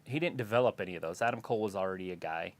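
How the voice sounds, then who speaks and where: A man's voice: low voice, very fast. A man co-hosting a casual wrestling watch-along, giving plain-spoken, opinionated takes in a matter-of-fact way. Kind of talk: casual chat, wrestling commentary.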